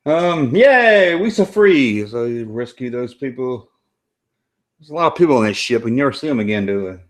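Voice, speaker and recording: A man's voice: medium pitch, brisk. A man with a Southern American accent hosting a live stream, chatting and rambling as he reacts to a movie. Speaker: host. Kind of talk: casual live-stream commentary.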